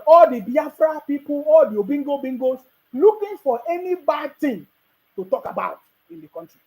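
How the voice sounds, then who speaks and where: A woman's voice: a little high, warm tone, rough recording. A woman with a Nigerian accent giving opinionated political commentary, mocking and combative, hammering points with repeated rhetorical questions.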